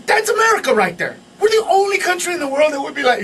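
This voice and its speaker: A male comedian riffing as a guest on a radio morning show, shouting punchlines and laughing through his rants. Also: extremely high pitch, sing-song, quick pace, distant mic, a little hiss or hum. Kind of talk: loud stand-up style riffing. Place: radio studio.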